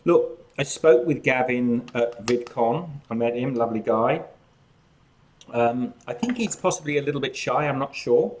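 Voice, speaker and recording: A man's voice: medium pitch, expressive, normal speed, darkish tone, a little hiss or hum. An outgoing Australian man hosting a casual live chat, talking while snacking. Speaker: cooking channel host.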